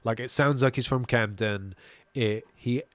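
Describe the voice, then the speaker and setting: A man's voice: medium pitch, unhurried, no echo. A man co-hosting a casual show review chat, talking loosely and laughing while he reads out listener comments. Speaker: podcast co-host.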